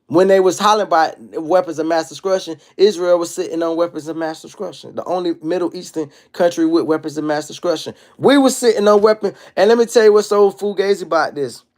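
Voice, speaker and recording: A man in his thirties hosting a casual livestream monologue, telling stories in an animated, profane street style. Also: sits high, fast talker, hardly any pauses. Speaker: livestream host.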